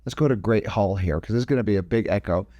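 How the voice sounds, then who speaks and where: A man's voice: fairly low pitch, fast talker, warm tone, dry recording, dull audio. A man teaching video editing in a casual, step-by-step screen-recorded tutorial, often correcting himself mid-sentence. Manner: casual step-by-step explaining, frequent self-corrections.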